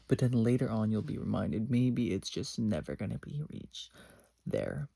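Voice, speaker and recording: Teen boy vlogger, exasperated storytime rant, gravelly and dark tone, dry sound. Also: lowish voice, normal speed, no room sound. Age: teens. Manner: exasperated, dips into whispers.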